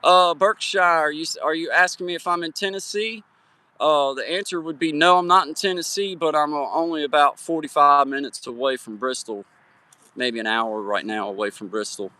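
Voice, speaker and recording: Chatting with live viewers by phone from a sunset hiking trail, this Virginia host is folksy and friendly, calling people by name. His voice is a little high and bright, forceful in tone, at a moderate pace.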